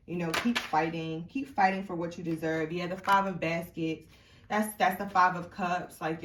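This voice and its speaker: Young woman, tarot reader, low and a bit stuffy-nosed, rambling casual delivery, off-mic in a roomy space. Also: fairly bright tone, recorded from a distance, a little hiss or hum. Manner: chatty and rambling, many fillers and restarts. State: congested sinuses. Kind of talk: casual tarot reading to camera. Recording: echoey room, mic set back.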